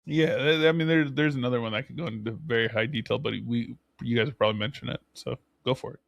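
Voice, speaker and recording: A young man co-hosting a podcast in casual chat, animated and laughing as he acts out his own reactions. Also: medium pitch, quick pace, gravelly, no room sound, lo-fi sound. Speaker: podcast co-host.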